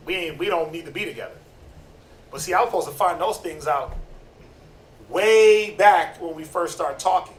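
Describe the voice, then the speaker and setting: A man giving a casual, slangy sermon-style Bible teaching, animated and conversational. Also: a little high, moderate pace, long pauses. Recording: roomy, distant mic, faint noise.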